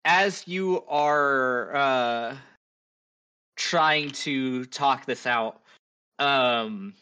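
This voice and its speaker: A game master narrating a tabletop session in an unhurried way, with a bright, forward voice. He stops and starts as he works out what happens next, filling the gaps with pauses. A man runs the game. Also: medium pitch, smooth, lo-fi sound. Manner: halting, thinking aloud with frequent pauses.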